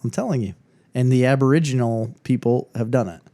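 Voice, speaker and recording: A man's voice: medium pitch, fairly quick, warm tone. A man in his thirties co-hosting a podcast in casual chat, joking around and insisting on his points. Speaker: podcast co-host. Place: indoor room during a storm.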